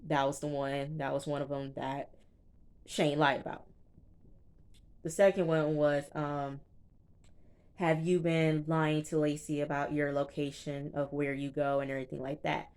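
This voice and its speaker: A young woman with a low voice chats through a reality show recap. She retells each scene in a loose, animated way and acts out what the people said. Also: unhurried, smooth. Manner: chatty, animated retelling with quoted reactions. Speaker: TV show reviewer. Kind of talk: casual recap commentary.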